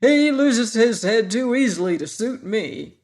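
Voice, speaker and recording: A man reading an audiobook and voicing a touchy wooden sawhorse with a gruff, growling voice. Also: high voice, monotone, slow pace, darkish tone, heavily acted. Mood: indignant. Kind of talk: audiobook character voice.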